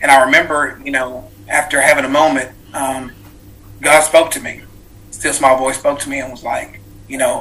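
With a bright, forward mid-range voice, a male author in his thirties recalls a life-changing personal story as an interview guest. He sounds earnest and reflective, peppering his brisk, steady delivery with fillers and restarts, and the recording is low quality.

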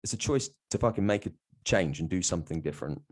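A man's voice: low-pitched, animated, fast, slightly rough. A man, telling a candid personal story as a guest in a blunt, sweary way, often laughing.

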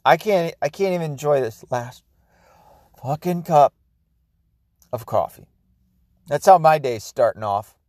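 A man's voice: on the high side, expressive, unhurried, pauses often, darkish tone, no room sound, studio quality. A man hosting his own podcast, talking in a rambling, profane, ranting monologue. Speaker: podcast host. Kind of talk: casual solo monologue.

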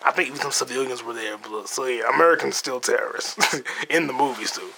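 A man hosting a podcast, recapping a movie in a casual, profane, animated monologue with acted-out quotes. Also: mid-range voice, brisk, gravelly, crowd noise. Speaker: podcast host.

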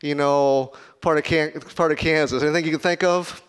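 A man from Chicago preaches in a loose, conversational way. He jokes with the congregation and throws questions out to them, his voice pitched a little high for a man. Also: fairly even intonation, brisk, clean tone. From Chicago, United States. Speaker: pastor. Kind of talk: sermon.

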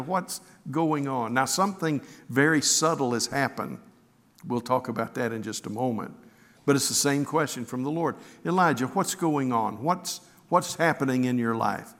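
A man's voice: medium pitch, fairly bright tone. Man preaching in a reverberant hall. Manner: earnest storytelling, repeats words when restarting. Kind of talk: sermon with scripture reading.

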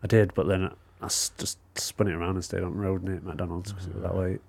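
A man's voice: deep voice, level tone, fast talker, vocal fry, a little mellow, slightly rough. A man, a lorry driver talking in a dry, matter-of-fact, sweary way on a podcast. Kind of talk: casual banter.

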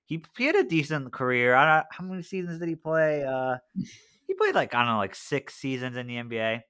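A man's voice: medium pitch, expressive, a little fast, sharp tone, smooth. A man co-hosting a casual podcast, telling a story in a chatty way, full of "like" and "right?". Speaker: podcast co-host.

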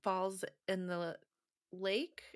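A woman co-hosting a casual podcast, answering quiz questions with quick agreeable back-and-forth. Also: medium pitch, fairly even intonation. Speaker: podcast co-host.

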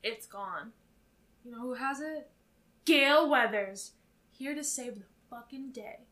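Brief: young woman podcast co-host, fairly high and bright, animated and foul-mouthed. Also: a little slow. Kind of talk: casual chat recapping a film.

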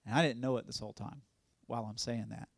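A fast-talking evangelist with a creaky, mid-range voice shares his testimony as a sermon, without any echo in the audio. He tells it as a lively story, voicing other people and laughing frequently.

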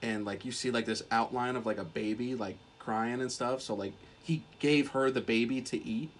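A man's voice: mid-range voice, steady tone, normal speed, a little hiss or hum. A young man co-hosting a podcast, retelling a film in a rambling, casual way, swearing often and filling with "like". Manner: rambling, swears a lot, heavy use of "like". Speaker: podcast co-host. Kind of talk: casual chat.

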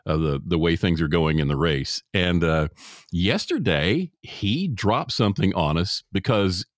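Male co-host, very deep, animated, easygoing and agreeable, dry close mic. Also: a little slow, no room sound. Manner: agreeable, laughs often, easygoing. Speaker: podcast co-host. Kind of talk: casual chat.

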